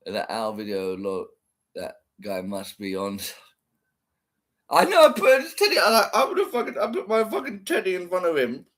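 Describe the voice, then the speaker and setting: A man's voice: sits high, normal speed. A man vlogging, commenting on a clip in a profane, mocking, rambling way. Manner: mocking, sweary, animated.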